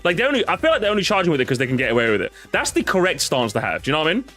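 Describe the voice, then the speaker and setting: A man streaming and reacting to his chat in casual commentary, excitable, laughing often and swearing casually. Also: fairly high pitch, very fast, soft background music.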